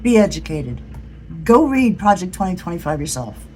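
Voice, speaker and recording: A woman's voice: on the low side, sing-song, moderate pace, a little mellow, a little hiss or hum, rough recording. A woman from the United States talking in an impassioned political vlog, blunt and earnest, swearing freely. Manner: earnest, pleading. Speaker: political vlogger.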